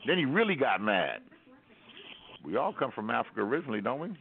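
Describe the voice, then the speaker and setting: A man's voice: medium pitch, big pitch swings, fast talker, creaky, slight background noise. An American man telling a rambling, wry story as a caller on a call-in radio show, with many restarts. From United States. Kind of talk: casual storytelling on talk radio. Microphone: telephone. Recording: tinny phone line.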